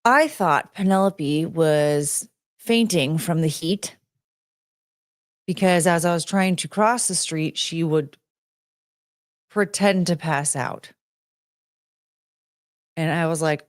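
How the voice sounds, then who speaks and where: A woman streamer in casual chat, greeting viewers by name and rambling with giggles, fillers and restarts, jumping between high excited greetings and low mumbled asides. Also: measured pace, pauses often, dry recording, clean studio sound. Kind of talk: casual chat reading out chat names.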